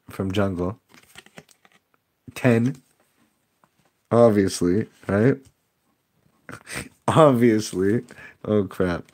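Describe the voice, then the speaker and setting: A man's voice: on the low side, extremely slow, pauses often, a little mellow. Sarcastic young man joking with his chat. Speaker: streamer opening card packs. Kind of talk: casual live-stream chat.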